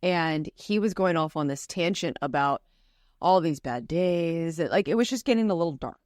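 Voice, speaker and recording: Blunt, lower-voiced woman co-host. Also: expressive, normal speed, darkish tone, dry recording, studio quality. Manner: blunt and swearing, laughs easily. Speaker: podcast co-host. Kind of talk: casual podcast chat.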